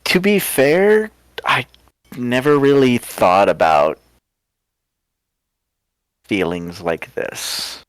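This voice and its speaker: A man's voice: mid-range voice, lively intonation, drawn-out words, long pauses, clear, resonant tone, no room sound, pitched above the performer's own voice. A man playing a shy former soldier commander. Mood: awkward. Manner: shy, awkward, few words. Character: reserved male ex-soldier commander, orphan.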